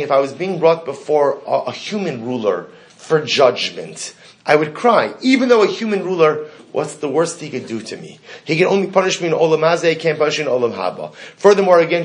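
A man leading a Talmud lesson. He chants the Hebrew text aloud, then explains it line by line in English. Now and then he stops to ask his students a question. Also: a little high. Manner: asks the class questions. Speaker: Torah teacher. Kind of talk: Talmud class lecture.

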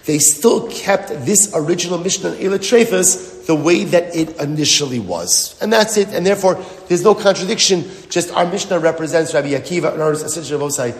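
A man's voice: fairly high pitch, expressive, fairly quick, hardly any pauses. A man explaining a Talmud passage in an emphatic way, repeating phrases and asking rhetorical questions. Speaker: Talmud teacher. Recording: echoey hall with long reverb.

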